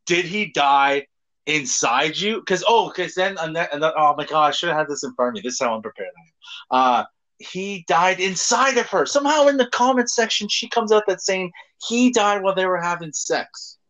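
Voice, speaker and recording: With a high-sitting voice and a fairly quick delivery, this man co-hosts a casual podcast. He spins crude, animated stories full of laughter and free-flowing swearing.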